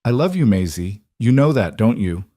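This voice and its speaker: A man voicing a dying young mother who speaks softly and weakly. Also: lowish voice, lively intonation, moderate pace, dry recording, studio quality. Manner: weak, soft.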